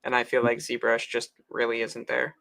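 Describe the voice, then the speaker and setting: A man chatting casually and slowly on a livestream while sculpting, with many fillers. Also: mid-range voice, creaky. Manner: slow, relaxed, with frequent fillers.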